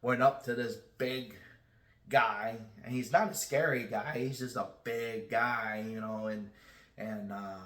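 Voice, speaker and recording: A man hosting his own channel, telling a personal story in a casual, halting way with many restarts. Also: medium pitch, steady tone, a bit bright, echoey room. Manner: self-described shy. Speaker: channel host.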